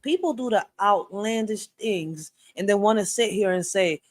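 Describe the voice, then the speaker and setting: A woman hosting a live stream, giving blunt and passionate commentary that rises to loud outbursts. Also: medium pitch, normal speed, few pauses, no room sound.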